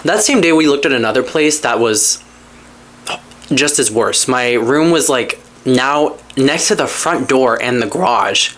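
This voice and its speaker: This one is a bit slow: a podcast host rambles through a personal anecdote in relaxed conversation, frank and foul-mouthed. He drifts into side comments, his voice dropping to mumbles and then jumping up with excitement.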